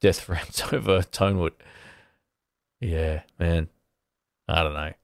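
Laid-back, low-voiced man chatting on stream. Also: steady tone, slow, gravelly, dry recording, clean studio sound. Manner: rambling, restarts sentences, easygoing. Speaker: guitar channel host. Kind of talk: casual livestream chat answering viewers.

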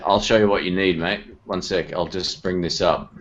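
A man's voice: deep voice, fairly even intonation, normal speed, a bit bright, lo-fi sound, a little hiss or hum. An Australian man hosting a casual online guitar chat, laid-back and self-deprecating, with plenty of fillers.

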